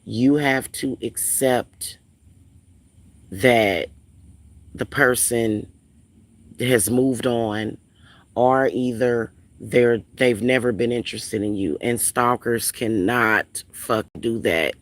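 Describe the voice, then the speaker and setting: A woman's voice: a bass voice, slow. A woman vlogger ranting casually at home, blunt and profane, repeating phrases for emphasis. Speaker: spiritual reader and vlogger.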